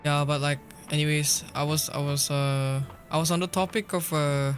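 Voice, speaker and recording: A man's voice: on the high side, flat delivery, normal speed. A man chatting casually and playfully with his viewers while streaming a game, swearing lightly and laughing often. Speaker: livestreamer. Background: faint background music.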